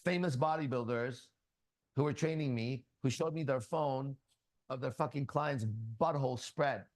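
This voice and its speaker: A man's voice: mid-range voice, normal speed, no echo. A man teaching in a casual spiritual talk, blunt and crude, full of profanity as he tells stories. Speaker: ministry teacher.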